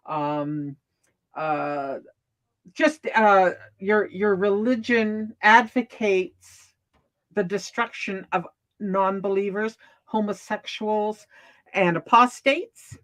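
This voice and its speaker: Slow-talking woman in a halting casual chat. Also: mid-range voice. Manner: halting, many restarts, laughs often.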